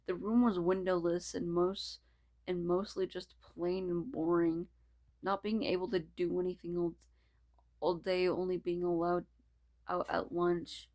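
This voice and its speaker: Woman reading fan fiction aloud; low voice, slow, stumbles and restarts often. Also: flat delivery, darkish tone. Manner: stumbling, restarting, laughing asides. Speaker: reader.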